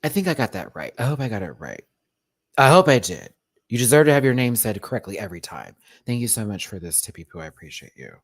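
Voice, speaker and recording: A man's voice: on the low side, sing-song, fast talker, no echo, clean studio sound. A young man hosting a casual livestream, reading out viewer messages with affectionate pet names and laughing often. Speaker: drag race review host.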